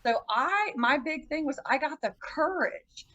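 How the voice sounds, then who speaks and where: A woman's voice: lively intonation, pushed and bright, low-quality recording. A woman podcast guest telling a personal story in a casual, earnest way. She often stops and restarts her sentences. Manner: earnest, halting, with frequent restarts; acts out quoted voices with pitch jumps.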